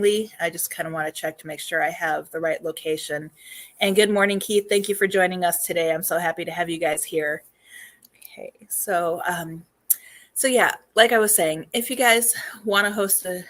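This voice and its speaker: A woman hosting a casual live stream and answering viewers' questions. Her voice is hoarse and she is losing it, and she talks chattily with many ums and frequent throat-clearing. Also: lowish voice, a bit bright. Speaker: host.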